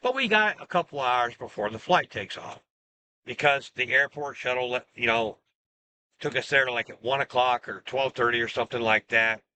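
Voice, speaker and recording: A man's voice: mid-range voice, moderate pace, no echo. A man telling a personal story in a casual, rambling monologue, full of restarts and asides. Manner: rambling, animated retelling with restarts. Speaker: self-styled religious teacher.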